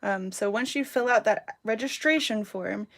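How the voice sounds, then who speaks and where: A woman's voice: medium pitch, normal speed, a bit bright. A woman in her thirties hosting a casual crafting livestream from home, rambling cheerfully and reading out viewers' names and comments as she works. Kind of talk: casual live-stream chat while crafting.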